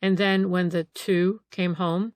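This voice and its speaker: A woman voicing a calm male police detective in an audiobook, pressing with questions. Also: on the low side, slow, no room sound. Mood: probing. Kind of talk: audiobook character reading.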